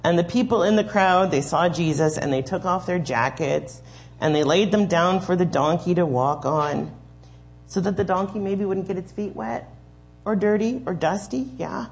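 A woman's voice: fairly low pitch, creaky, a little mellow. A woman leading a children's sermon in a church, patiently explaining and giving step-by-step instructions. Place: church sanctuary.

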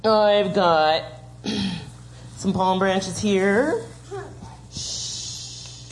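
A woman's voice: mid-range voice, very slow, a little hiss or hum. A woman leading a children's sermon in a church, patiently explaining and giving step-by-step instructions. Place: church sanctuary.

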